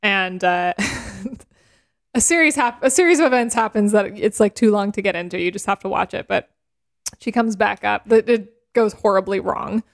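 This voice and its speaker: A woman's voice: mid-range voice, normal speed. A woman co-hosting a podcast in casual chat, retelling scenes animatedly and laughing as she talks. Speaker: podcast co-host.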